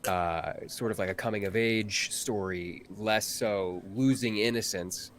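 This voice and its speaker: A man, a voice actor guest on a live-stream interview, talking earnestly and haltingly with many restarts. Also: fairly low pitch, slight background noise.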